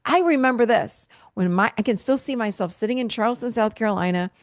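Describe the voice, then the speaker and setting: A woman in her fifties speaks as a guest therapist, telling her stories with animated energy and voicing the people in them. Her voice sits on the higher side. The sound is dry and close, with no room around it. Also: fast, dry recording. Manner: animated storyteller, acts out quoted dialogue. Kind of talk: candid conversational interview.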